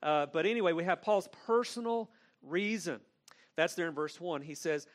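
Earnest preaching man, slightly high voice. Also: lively intonation, moderate pace. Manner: earnest, emphatic, repeats and restates phrases. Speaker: pastor. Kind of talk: expository sermon.

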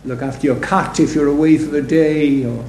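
A man's voice: on the high side, fairly even intonation, moderate pace, a little mellow. A man preaching a sermon in a conversational, storytelling way, full of rhetorical asides. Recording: roomy echo, faint background noise.

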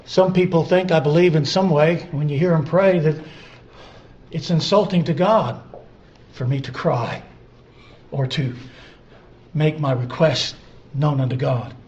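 A man preaching a sermon, repeating scripture phrases and building from quiet, drawn-out lines to loud emphatic peaks. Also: a little high, lo-fi sound.

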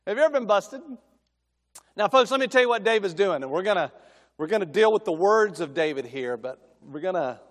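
A middle-aged man preaching in a lighter, higher register, spinning folksy family stories that swell into emphatic calls. His voice rings out with a long reverb trailing behind every phrase, as in a large sanctuary. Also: lively intonation, a little fast. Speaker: guest preacher.

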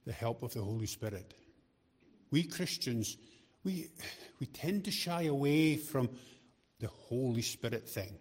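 A middle-aged man gives a sermon at an ordinary pitch. He talks to the congregation in a chatty way, tossing in jokes and asides. He often restarts sentences and repeats words as he goes. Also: animated, measured pace, a little mellow, slightly rough. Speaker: lay preacher.

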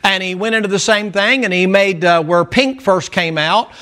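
A man's voice: sits high, normal speed, bright, forceful tone. A man preaching a sermon in a folksy storytelling manner with emphatic asides.

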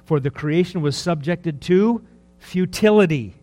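A man in his early sixties preaching a sermon in a conversational, rambling way, full of rhetorical questions, dropping to soft asides and rising for emphasis. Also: on the high side, measured pace, soft background music. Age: 60s. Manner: lively, swings between soft asides and raised emphasis. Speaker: pastor.

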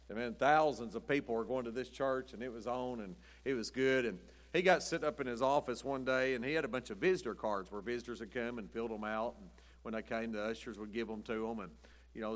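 A man's voice: medium pitch, a bit bright. Folksy chuckling preacher, man. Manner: rambling, chuckling, says "but anyway" often. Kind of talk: folksy storytelling sermon.

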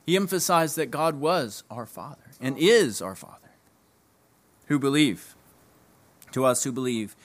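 A man preaching a sermon, emphatic, repeating key phrases and dropping low at the ends of lines. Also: expressive, measured pace, pauses often.

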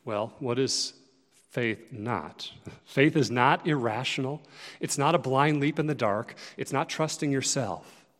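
A man's voice: mid-range voice, unhurried. Earnest male preacher in a reverberant hall. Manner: earnest, conversational, shifting loudness for emphasis. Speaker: pastor. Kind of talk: sermon.

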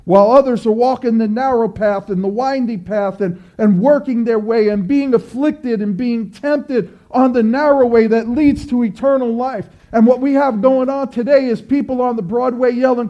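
A man's voice: very high-pitched, moderate pace, few pauses, warm tone. A man preaching a sermon, earnest and exhorting, building through repeated phrases.

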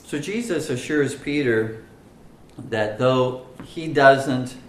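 A man teaching bible study, slow careful talk, lots of uhs, echoey room. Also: mid-range voice, a little hiss or hum. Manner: slow and deliberate, many "uh" fillers, stresses single words.

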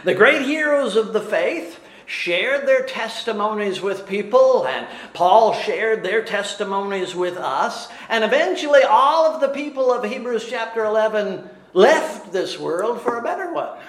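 Man, pastor, sermon, slow and deliberate, echoey church room. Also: high voice. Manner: animated, laughs at his own stumbles.

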